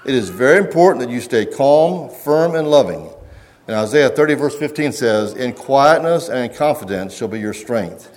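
A man's voice: medium pitch, animated, moderate pace, darkish tone, slight background noise. A middle-aged man preaching a sermon in an earnest manner, often restarting his sentences and reading passages aloud from a book. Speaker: pastor.

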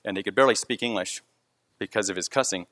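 A man's voice: lowish voice, fast, bright, forceful tone. A man who leads a concrete crew tells a story in casual, earnest speech full of restarts. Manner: rambling, with frequent restarts.

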